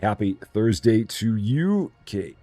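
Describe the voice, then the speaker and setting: A man's voice: on the low side, very animated, unhurried, mellow. A man streaming a game live, joking, teasing his chat and breaking into sing-song asides. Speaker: gaming streamer. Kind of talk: live game commentary, chatting with viewers. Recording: faint music behind.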